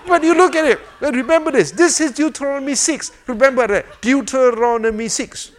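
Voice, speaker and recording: Animated high-voiced older male preacher. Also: brisk. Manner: animated, repetitive rhetorical questions, chuckles often. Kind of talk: informal sermon with a fidget toy demonstration.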